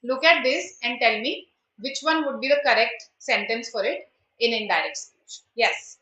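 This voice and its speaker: A woman's voice: fairly high pitch, moderate pace, bright, forceful tone, roomy sound, low-quality recording. A woman teaching an online grammar lesson in Indian English, mixing in Hindi and quizzing her students. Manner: switches between English and Hindi, asks students questions. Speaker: online exam prep teacher. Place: indoors at home.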